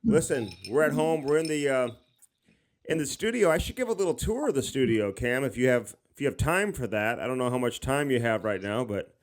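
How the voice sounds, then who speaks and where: A man's voice: medium pitch, animated, a little fast. A man co-hosting a podcast from his home studio, rambling in a joking, mock-serious way. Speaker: podcast co-host. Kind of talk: casual podcast chat.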